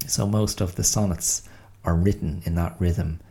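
A man in his fifties hosting a podcast, talking through a casual solo monologue in a reflective, halting way with many pauses and fillers. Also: low-pitched, fairly even intonation, gravelly, warm tone. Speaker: podcast host.

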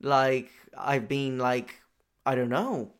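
A man's voice: medium pitch, takes it slowly. Chatty young man telling a story. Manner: chatty, profane, lots of "you know" fillers. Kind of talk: casual personal storytelling.

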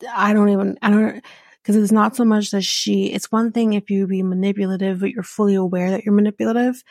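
A woman's voice: mid-range voice, a little mellow, no echo, studio quality. A woman hosting a casual recap podcast, blunt and exasperated, swearing freely as she rants. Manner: frustrated, blunt, swears often. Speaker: podcast host recapping a reality show.

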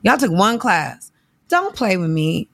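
A woman in her thirties, a podcast guest, talking in an animated, emphatic, slangy way in a casual interview. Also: medium pitch, a little slow, gravelly, no echo, studio quality. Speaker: podcast guest, on-air talent.

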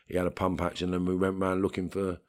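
This middle-aged London-accented man from England talks fast in a low, completely flat, slightly mellow voice. As a guest in an interview, he tells blunt streetwise stories, swears, and performs the voices of people he quotes.

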